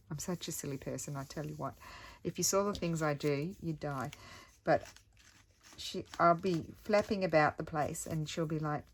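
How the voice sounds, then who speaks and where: Low-voiced chatty woman crafting. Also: steady tone, moderate pace, slight background noise. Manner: chatty, thinks aloud, self-deprecating. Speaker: craft vlogger. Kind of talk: casual crafting tutorial chat.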